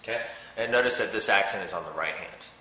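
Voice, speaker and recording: A man's voice: on the low side, fast, very noisy. Man teaching drums in a roomy space. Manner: patient, explaining step by step with fillers. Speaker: drum teacher. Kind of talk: instructional talk with count-offs. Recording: roomy with loud drum playing between talk.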